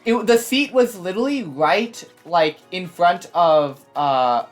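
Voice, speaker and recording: A woman streamer recapping an event in a casual, rambling way, full of fillers and excited asides. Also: lowish voice, slow pace. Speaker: VTuber streamer. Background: faint background music.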